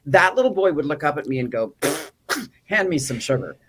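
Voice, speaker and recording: A woman guest in a casual interview, telling funny stories with animated delivery and acted-out quotes. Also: sits low, normal speed, a little hiss or hum. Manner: animated, comic storyteller who acts out quotes. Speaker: actor and activist guest.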